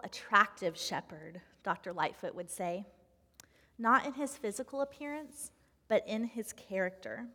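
A woman's voice: mid-range voice, fairly bright tone. Earnest woman reading in a reverberant hall. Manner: earnest, measured, slowing down for emphasis. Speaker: speaker reading a devotional. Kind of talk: reflective devotional reading.

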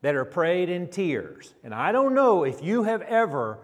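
A man preaching a sermon in an earnest, unhurried way. His voice sinks low and soft when he reads scripture. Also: very animated. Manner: slow, earnest, drops low and quiet when reading scripture. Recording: long reverb of a large hall.

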